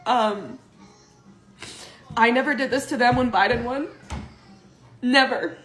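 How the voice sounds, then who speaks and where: A young woman making a vlog, earnest and halting, on the verge of crying as she talks. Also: fairly high pitch, a bit bright. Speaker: social media poster. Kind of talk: emotional vlog to camera. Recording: echoey room with music under it.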